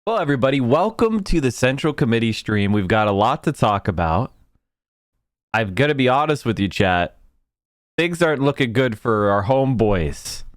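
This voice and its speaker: A man's voice: mid-range voice, no echo, clean studio sound. A man hosting a livestream, reacting to news clips with profane, sarcastic commentary. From United States. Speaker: political streamer.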